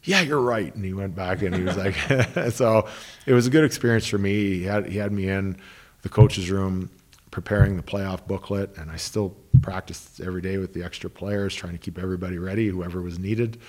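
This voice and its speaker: A man in middle age talks in a notably deep, low register. He answers interview questions casually and rambles a little, often saying "you know" and starting his sentences over. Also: steady tone, a little fast, darkish tone. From Canada, Ottawa. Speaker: former pro hockey player and coach, guest.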